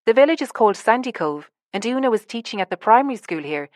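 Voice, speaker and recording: A woman's voice: a little high, very animated, fast talker, no room sound, studio quality, pitched above the performer's own voice. A woman narrator voicing an earnest, slightly nervous woman in an audiobook.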